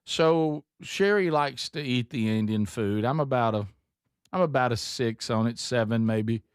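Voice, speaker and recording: A man's voice: medium pitch, unhurried, clean tone, no echo. Man hosting a talk show, dry studio sound. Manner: rambling storyteller, restarts and repeats words. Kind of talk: casual chat and live ad read.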